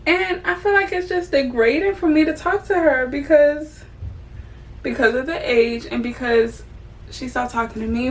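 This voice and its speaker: A woman's voice: high-pitched, far from the mic. A young woman venting candidly and casually to her viewers as she does her makeup, swearing freely. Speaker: vlogger. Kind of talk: casual get-ready-with-me venting.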